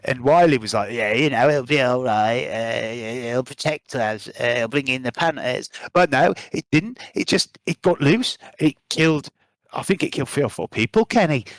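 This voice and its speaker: A man's voice: mid-range voice, moderate pace, dry recording, lightly acted. A man voicing a spaced-out, drug-using male carnival worker who rambles and swears in a wobbly Birmingham accent. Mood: rambling.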